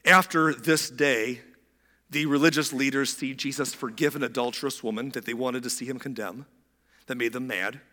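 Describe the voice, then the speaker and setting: A man preaching a sermon in a casual, conversational way, a bit hoarse from a recent illness, acting out quoted voices as he goes. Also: mid-range voice, fairly even intonation, normal speed, sharp tone. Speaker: pastor. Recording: long hall reverb.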